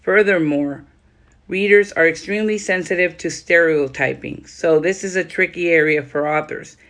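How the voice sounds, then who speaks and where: Lady podcaster reading a book on writing dialogue, steady reading then loose chatty asides, softer when she comments. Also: lowish voice, moderate pace. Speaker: podcast host. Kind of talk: reading a writing guide aloud with casual asides.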